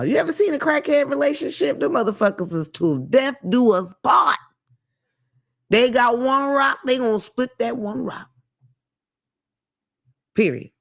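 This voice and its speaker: A woman's voice: mid-range voice, creaky. A woman hosting her own talk show, ranting casually with blunt, profane commentary. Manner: blunt, profane, animated rants. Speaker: podcast host.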